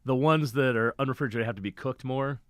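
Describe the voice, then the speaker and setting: Male co-host, mid pitch, knowledgeable and plain-spoken, dry studio mic. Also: quick pace, no room sound. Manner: knowledgeable, explains food matter-of-factly, frequent "mm-hmm". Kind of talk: casual comedy chat. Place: radio studio.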